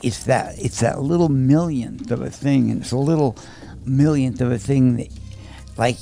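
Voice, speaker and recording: A man's voice: mid-range voice, normal speed, gravelly, mellow, faint music behind. A man who trains animals, talking earnestly in a casual commentary chat and explaining things in stops and restarts.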